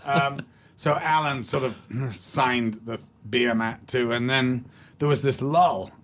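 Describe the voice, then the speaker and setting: An older man from England, a guest in an interview, telling stories in an animated way. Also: medium pitch, takes it slowly. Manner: animated storyteller, acts out quotes. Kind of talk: anecdotal interview chat.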